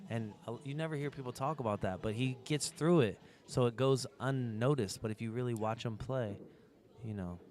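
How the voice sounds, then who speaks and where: A man's voice: mid-range voice, moderate pace, a little mellow, a little hiss or hum. A man co-commentating a pool match, who also gives lessons, speaking earnestly in a motivational coaching way about the mental game. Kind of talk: live sports commentary.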